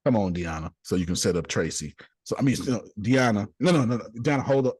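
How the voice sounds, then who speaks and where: A middle-aged man leading a group video call, preaching in a blunt, slangy way with casual swearing, jumping from low asides to high exclamations. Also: lively intonation, quick pace, a little mellow, breathy edge, dry recording. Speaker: host leading a group discussion. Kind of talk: preacherly motivational talk.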